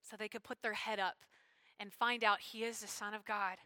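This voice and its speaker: A woman preaching a sermon in an animated, conversational way with casual slang. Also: mid-range voice, moderate pace, no room sound.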